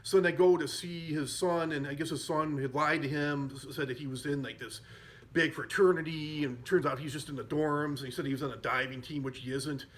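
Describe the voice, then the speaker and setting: Podcast guy rambling thru a movie plot, lots of um and like, kinda high voice. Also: fairly even intonation, brisk, fairly bright tone. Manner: rambling with many fillers and self-corrections. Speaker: podcast host. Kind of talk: casual chat retelling a movie.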